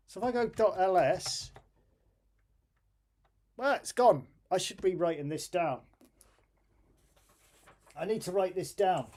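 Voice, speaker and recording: A man's voice: fairly high pitch, darkish tone. A middle-aged man streaming live, who talks through his computer troubles, swears in frustration and laughs at himself. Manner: exasperated, self-deprecating, swears and laughs at himself. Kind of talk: live-stream chat while programming.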